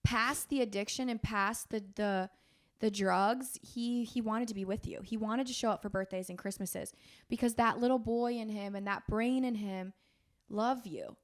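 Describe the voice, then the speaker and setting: A woman's voice: on the high side, steady tone, normal speed. A woman hosting a podcast, talking in an earnest, encouraging and emotional way. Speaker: podcast host. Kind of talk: heartfelt podcast talk.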